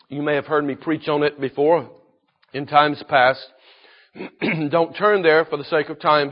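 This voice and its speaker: A man preaching a sermon in an earnest manner, slowing down to stress key points and often clearing his throat. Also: fairly high pitch. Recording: dull lo-fi recording.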